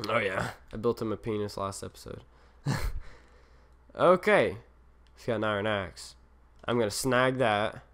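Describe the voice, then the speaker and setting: Young guy rambling thru his gameplay, laughs at himself a lot, bright crisp voice. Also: medium pitch. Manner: rambling, self-mocking, easily distracted. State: tired. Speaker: gaming channel host. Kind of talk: Let's Play commentary.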